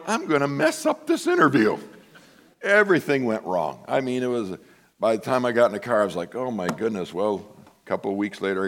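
Animated pastor, middle-aged man. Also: on the low side. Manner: animated storytelling, swings from hushed asides to loud exclamations. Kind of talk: sermon with personal story.

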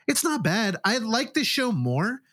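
A podcast co-host chats casually, spinning long, rambling stories in an animated way and acting out quoted reactions. His voice is very high-pitched at a measured pace, captured in studio quality with no room sound.

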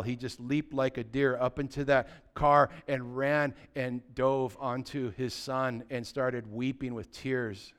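A man, a pastor preaching a sermon and telling stories, swinging from loud passages to hushed ones. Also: mid-range voice, clear, resonant tone. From United States.

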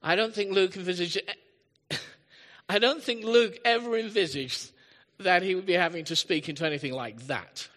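A man delivers a sermon in a high, bright, forward voice. He slips easily into stories and self-deprecating jokes, talking to the congregation as if chatting. The recording carries a long reverb from a church hall. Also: moderate pace. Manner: chatty storytelling with asides and self-deprecating humor. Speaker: pastor. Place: church hall, live service.

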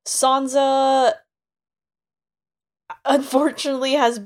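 A woman co-hosting a book podcast in casual chat, talking freely and acting out quotes in quick asides. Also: sits high, little pitch movement. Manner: chatty, acts out quotes in asides. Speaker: podcast co-host.

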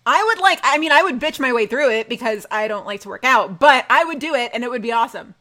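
A woman co-hosting a casual fan chat, gushing and animated, swearing casually. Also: on the high side, fast talker. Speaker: podcast co-host.

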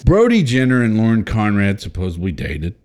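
A man's voice: fairly low pitch, huge pitch swings, fairly quick. A man hosting a casual podcast, reading out headlines and joking crudely. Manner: crude, jokey, swings between loud and mumbled. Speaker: podcast host.

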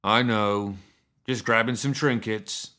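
A squat horned creature of a man with claws, as a male narrator puts him on. He banters wryly and cockily, in a low voice. His retorts come quick and brash. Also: steady tone, pushed and bright. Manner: wry, cocky banter. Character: squat, horned, clawed Englishman, wry and brash.

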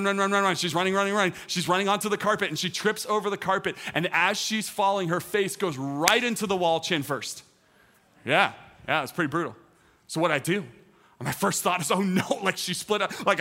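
A man's voice: on the high side, pushed and bright. A teaching pastor in his thirties giving a conversational sermon, telling a personal story with lots of restarts and "like".

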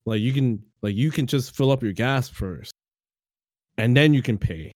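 A man's voice: mid-range voice, normal speed, a little mellow, no room sound, studio quality. A man chatting casually on a podcast, telling loose stories and acting out the people in them, laughing easily. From Canada. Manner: loose storytelling, laughs easily, acts out quoted voices.

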